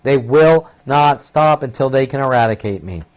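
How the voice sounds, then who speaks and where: A man's voice: medium pitch, lively intonation, moderate pace. Agitated, profane man in his fifties. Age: 50s. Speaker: vlogger. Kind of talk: rambling monologue.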